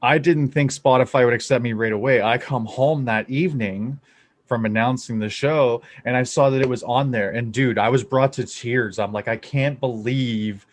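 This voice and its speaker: Young male podcast host from Canada, casual and profane, mid-pitched voice, dry close mic. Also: normal speed, dry recording. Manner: excitable, profane, rambling.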